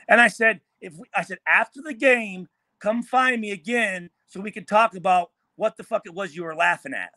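A man in a hotel room on a video call, a former football player telling animated, profane stories in casual chat. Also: high-pitched, brisk, no echo. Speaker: former NFL player guest.

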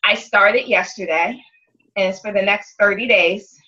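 A woman's voice: mid-range voice, measured pace, sharp tone, highs cut off. A woman leading a sales team meeting, talking candidly about goals with upbeat, emotional energy and casual swearing. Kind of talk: motivational team meeting talk.

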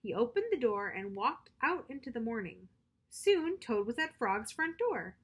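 A woman's voice: a little high, very animated, a little slow, fairly bright tone, husky. A woman reading a bedtime story to children as their storyteller, friendly and speaking directly to her young listeners.

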